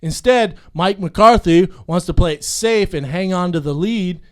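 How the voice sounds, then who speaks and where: A man's voice: high-pitched, unhurried, a little mellow, clean tone. A man co-hosting a podcast, joking and insisting in casual banter, often repeating himself. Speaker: podcast co-host.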